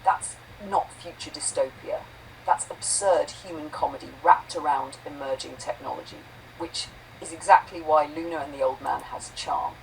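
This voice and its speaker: Synthetic lady talking thru sitcom ideas, says the quote marks out loud, gravelly, kinda far from the mic. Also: low-pitched, moderate pace, a little hiss or hum. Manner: reads quotation marks aloud. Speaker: AI conversation partner. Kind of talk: conversational comedy brainstorming.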